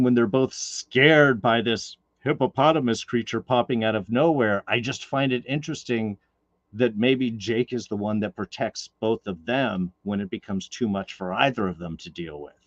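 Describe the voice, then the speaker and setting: A man's voice: lowish voice, moderate pace, no echo. A man hosting a casual podcast discussion, talking in a thoughtful, rambling way with lots of fillers, recorded on a dull lo-fi mic. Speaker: podcast host.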